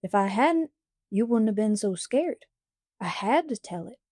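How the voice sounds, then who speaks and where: A woman's voice: mid-range voice, animated, measured pace, mellow, no room sound, studio quality. A woman voicing an impish six-year-old boy in a storybook reading, pleading and sobbing in childish slang. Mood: cheeky.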